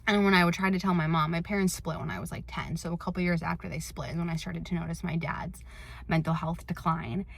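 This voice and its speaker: A woman's voice: fairly low pitch, fairly even intonation, fast, creaky, slightly rough. A young woman vlogging in a candid, reflective way, with many filler words. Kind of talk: personal confessional vlog.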